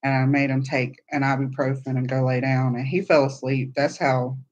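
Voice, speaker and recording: A woman's voice: very deep voice, flat delivery, normal speed, a little mellow. A woman hosting a casual livestream chat, telling meandering, chatty stories. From Southern United States. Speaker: podcast host.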